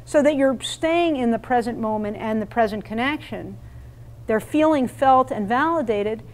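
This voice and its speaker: In a meeting room, a woman runs an interactive parenting workshop in a fairly high voice at a moderate pace. Speaking with emphasis, she questions the audience and acts out lines to say to children.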